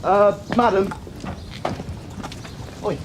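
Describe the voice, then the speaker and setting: An actor playing a patrol police constable in a TV police drama, with clipped radio talk. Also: male voice, high voice, drawn-out words. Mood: urgent. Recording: loud sirens and traffic.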